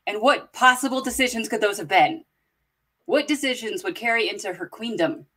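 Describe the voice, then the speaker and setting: A woman's voice: a little high, animated, normal speed, a bit bright. A woman in casual podcast chat, curious and full of questions.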